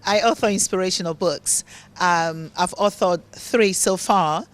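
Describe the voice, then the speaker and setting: Speaking a little slowly in a lowish voice, this Nigerian woman answers an interviewer as a motivational speaker and author. Her accent is a mixed, hard-to-pin-down blend of English, African and Italian tones, and she comes across as earnest and preachy, repeating words for emphasis.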